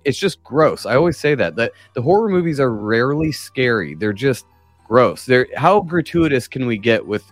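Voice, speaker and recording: A man's voice: medium pitch, very animated, normal speed, no echo, soft background music. A man hosting a casual group chat, rambling and laid-back, swearing freely.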